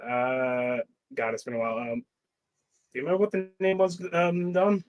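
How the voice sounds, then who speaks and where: A player in a tabletop game, speaking hesitantly and haltingly. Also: mid-range voice, lively intonation, lo-fi sound. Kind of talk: casual chat.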